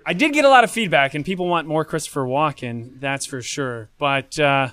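A man's voice: a little high, normal speed, a bit bright, clear, resonant tone, no echo. A man who is a game publisher, chatting upbeat and casual as a guest on a live podcast panel. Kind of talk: casual chat.

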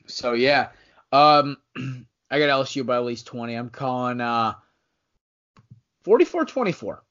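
A man's voice: mid-range voice, expressive, unhurried, a bit bright, clear, resonant tone. A man co-hosting a casual sports podcast, rambling and teasing, often correcting himself mid-sentence. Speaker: podcast co-host. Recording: dull lo-fi podcast audio.

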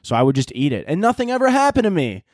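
A young man hosting a casual solo podcast, telling stories in a profane, laughing, animated way. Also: sits high, fast, no echo, clean studio sound. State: out of breath. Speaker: podcast host.

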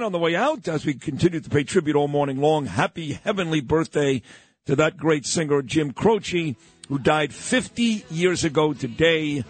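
Effusive New radio host. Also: male voice, on the high side. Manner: effusive, rapid-fire praise. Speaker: radio talk show host. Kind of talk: morning talk radio.

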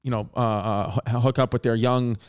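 Picture a man hosting a comedy-style podcast who rambles through a story with lots of "like" and "I was like". He acts out the quotes with a lot of swearing, at an ordinary middle pitch. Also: flat delivery, moderate pace, a little mellow, smooth. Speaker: podcast host. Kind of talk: casual storytelling.

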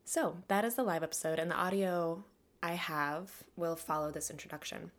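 Low-voiced woman hosting a reflective monologue. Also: steady tone, moderate pace. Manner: earnest, reflective, with soft laughs. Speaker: podcast host. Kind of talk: personal monologue.

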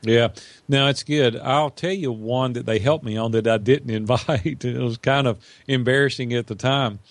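Gravelly-voiced man telling a story. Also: mid-range voice, moderate pace, no room sound. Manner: earnest, animated storyteller who acts out quotes. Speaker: guest. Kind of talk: storytelling in an interview.

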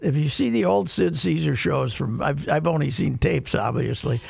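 A man's voice: on the high side, moderate pace, vocal fry, a little mellow, breathy edge, dry recording. An older man, rambling and reminiscing in casual talk-show chat. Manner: rambling, reminiscing, hesitant restarts. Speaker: radio talk show regular.

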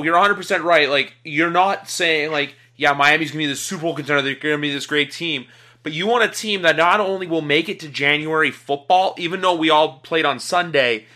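A man's voice: fairly high pitch, brisk, pushed and bright. A man chiming in on a football podcast, rambling with lots of fillers. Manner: rambling, many fillers, talks in long runs. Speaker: podcast co-host. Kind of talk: casual sports debate.

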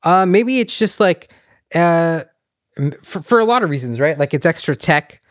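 In clean studio audio with no room sound, a man with a slightly high voice and lively intonation talks at normal speed. He's a restaurant owner on a podcast, chatting loosely, swearing, and joking about himself.

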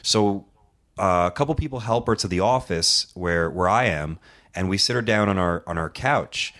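A man with a deep voice tells a long, rambling story on a casual podcast. He acts out what other people said and swears freely. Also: animated, moderate pace, fairly bright tone. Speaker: co-host telling a story.

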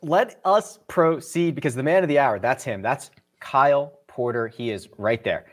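A man's voice: medium pitch, moderate pace. A man hosting a golf podcast in a casual, upbeat and chatty way. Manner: upbeat, chatty, promotes sponsors and links. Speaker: podcast host.

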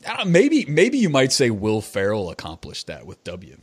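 A man's voice: mid-range voice, wildly swooping pitch, normal speed, breathy edge. A man hosting a podcast interview, laid-back and agreeable as he asks loose, conversational questions. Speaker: podcast host.

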